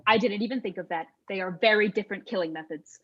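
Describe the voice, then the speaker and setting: A woman's voice: mid-range voice, fast, highs cut off, natural voice. A young actress playing an earnest young woman terrified of chimpanzees, speaking in an overly formal, dramatic manner. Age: young adult. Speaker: actor in a student comedy sketch. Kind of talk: stage comedy dialogue.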